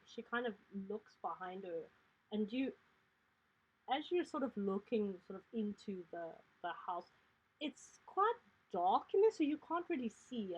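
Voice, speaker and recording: Husky woman game master, rambling narration, muffled lo-fi sound. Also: medium pitch. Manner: rambling, filler-heavy.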